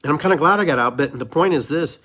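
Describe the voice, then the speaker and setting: A man's voice: fairly high pitch, fast talker, a bit bright, breathy edge. A middle-aged man hosting a solo podcast, talking fervently and preachily, repeating phrases for emphasis. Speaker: podcast host. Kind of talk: impassioned solo podcast monologue.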